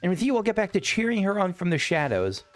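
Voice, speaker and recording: A man's voice: sits high, very animated, fast, soft background music, voice pushed up. A man reading game dialogue aloud as a lovesick, devoted male admirer who watches from the shadows.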